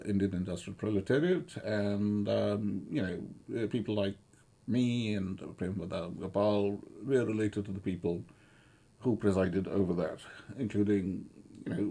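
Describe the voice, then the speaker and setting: A middle-aged man giving rambling, sardonic commentary, halting often with fillers and restarts. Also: lowish voice, gravelly, dark tone, breathy edge.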